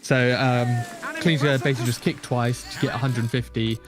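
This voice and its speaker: A man's voice: mid-range voice, fairly even intonation, normal speed, over music. A man giving chatty, joking live commentary on a speedrun, explaining game tricks.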